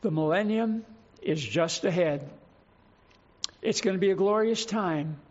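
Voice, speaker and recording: Man, pastor, sermon, high voice, slow emphatic reading, rhetorical questions, muffled lo-fi sound. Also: darkish tone. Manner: reads scripture slowly with emphasis, asks the congregation questions.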